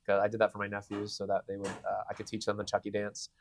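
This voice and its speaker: A man in his thirties, a voice actor giving a convention interview, telling stories in an animated way with many restarts. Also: fairly low pitch, fast, few pauses, no echo. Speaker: voice actor guest. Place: convention venue.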